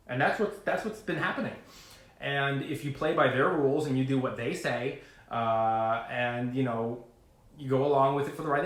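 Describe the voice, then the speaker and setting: A man vlogging to camera about trading, talking in a rambling, animated way full of fillers and asides. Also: mid-range voice, normal speed, reverberant. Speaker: finance vlogger. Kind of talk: casual talking-to-camera rant.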